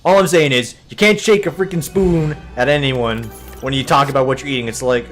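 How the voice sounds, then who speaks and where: A young man talks casually over a card game he is playing, drifting into a story about people criticizing his diet. He tells it with animated swings in pitch and puts on exaggerated voices for the people he quotes. Soft music plays faintly underneath. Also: brisk. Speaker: gaming video host. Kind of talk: casual commentary over gameplay.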